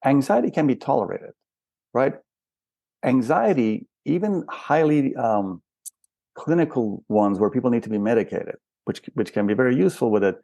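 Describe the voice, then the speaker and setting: A man's voice: mid-range voice, animated, moderate pace, gravelly, mellow, no room sound. An older man, a spiritual counselor and guest, explaining patiently and asking rhetorical questions in a reflective interview.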